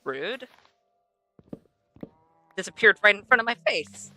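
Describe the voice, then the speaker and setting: A woman's voice: on the low side, animated, a little slow, bright, forceful tone, soft background music. A young woman streaming a game, chatting to herself and to the animals she passes as she plays. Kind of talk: casual gameplay commentary.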